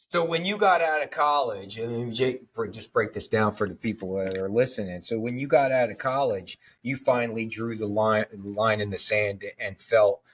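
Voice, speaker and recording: A man's voice: on the low side, normal speed, few pauses. A man hosting an interview, a supportive listener who sums up the guest's story for the audience. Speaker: podcast host. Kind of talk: casual interview.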